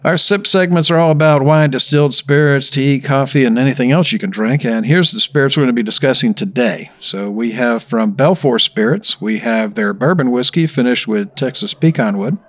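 A man's voice: medium pitch, moderate pace, few pauses. Joking male podcast host. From American South. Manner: jokey, self-deprecating banter. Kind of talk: casual chat.

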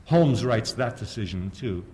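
A man giving a public history lecture, sardonic and animated, firing off rhetorical questions and often chuckling at his own points. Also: fairly low pitch, measured pace, slight background noise.

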